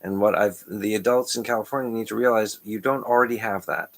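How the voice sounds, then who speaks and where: A man talking in a loose, rambling monologue, jumping between ideas with restarts and quick chuckles. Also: fairly low pitch, steady tone. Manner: stream-of-consciousness, restarts, frequent chuckles. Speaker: channel host.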